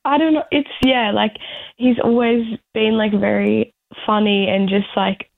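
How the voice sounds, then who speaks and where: A woman's voice: medium pitch, fairly even intonation, unhurried, creaky, dry recording. A young woman calling in by phone, chatting casually and hesitantly, with lots of "like" fillers. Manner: hesitant, fills with "like". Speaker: caller, host's daughter. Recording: tinny phone line.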